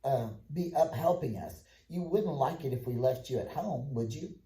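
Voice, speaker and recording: Man reading as a brisk, motherly big sister. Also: mid-range voice, lively intonation, mellow, close to an everyday voice. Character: young girl, capable older sister. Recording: echoey room.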